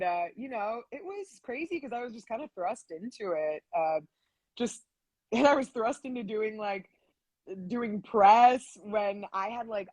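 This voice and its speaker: A young woman with a slightly husky voice tells stories in a chatty, animated way, full of fillers and quick asides. She sounds close to the mic in a dry space, as if speaking on a live stream. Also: mid-range voice, dry recording. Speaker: voice actress guest. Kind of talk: casual live-stream interview.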